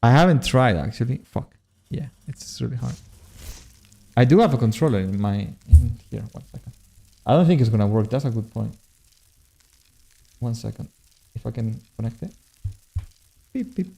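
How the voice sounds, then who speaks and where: A man with a mid-range, mellow voice that's creaky and slightly rough talks at a normal speed, animated and pausing often. He's a streamer and modpack creator casually chatting with his audience over gameplay, cursing frequently and poking fun at himself.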